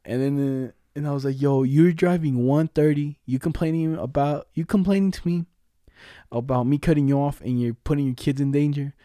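A young man cohosts a casual podcast, spinning slangy stories with frequent laughs. His voice is mellow and warm. The sound is dry and close. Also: fairly high pitch, steady tone, brisk, no room sound. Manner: laid-back slangy storytelling, frequent laughs. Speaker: podcast co-host. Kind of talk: casual chat.

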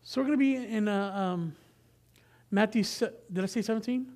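A man's voice: high voice, moderate pace, a little mellow. A man giving a sermon as pastor, reading scripture in a casual, conversational way with frequent asides and self-corrections.

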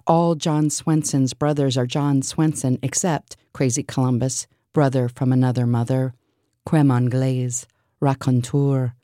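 Deep-voiced woman, deadpan surreal list reading, slow and mellow, dry close sound. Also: no room sound. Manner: deadpan, absurd, listing. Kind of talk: surreal spoken word list.

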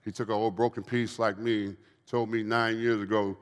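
A man in his fifties giving a preaching testimony to a live audience, telling his story quietly and then urging the crowd on with fervor. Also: little pitch movement, normal speed. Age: 50s. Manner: low, quiet storytelling that swells into fervent exhortation. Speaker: guest speaker giving a testimony. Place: large hall with an audience. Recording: long hall reverb.

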